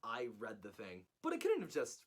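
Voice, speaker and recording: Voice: mid-range voice, huge pitch swings, moderate pace. A co-narrator of a played video essay, delivering scripted lines in a dry, sarcastic way.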